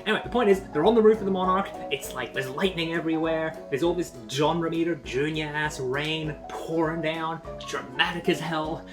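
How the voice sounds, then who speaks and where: A woman's voice: low-pitched, brisk, few pauses. A woman giving a casual comic book review in a sarcastic, rambling, profane manner. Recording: voice over background music.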